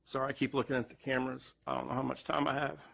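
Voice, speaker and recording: A distraught man, speaking haltingly to camera near tears and repeating himself. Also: mid-range voice, little pitch movement, vocal fry, a bit bright. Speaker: man recording a farewell video. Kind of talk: emotional direct-to-camera confession.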